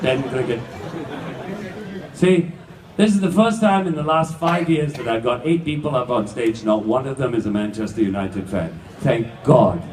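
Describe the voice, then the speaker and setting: A man in his fifties running stage games at a banquet, loudly teasing the contestants. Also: medium pitch, moderate pace. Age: 50s. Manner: teasing, loud and joking. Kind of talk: live stage banter with audience. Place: large banquet hall. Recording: echoey hall, distant, crowd noise.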